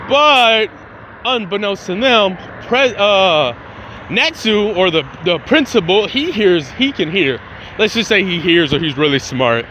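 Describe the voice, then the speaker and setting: Slangy, rambling male storyteller, bright voice. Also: sits high, a little hiss or hum, poor audio. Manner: rambling, slangy, profane, full of restarts. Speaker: fan storyteller. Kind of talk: casual improvised fan-fiction retelling.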